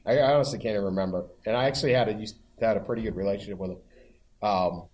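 A man's voice: fairly low pitch, racing, a little mellow. Male columnist guest, laid-back and rambling, self-deprecating. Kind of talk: live podcast chat before an audience.

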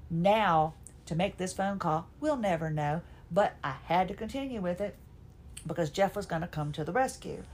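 A woman's voice: fairly high pitch, moderate pace. A woman, hosting a podcast and telling a folksy, chatty, self-mocking personal story. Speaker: podcast host.

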